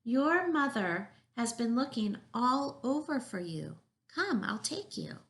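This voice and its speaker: A woman plays a bustling little picture-book bird. The voice is pitched high and fussy, with an urgent, helpful chirp. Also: sing-song, slow, fairly bright tone, heavily acted.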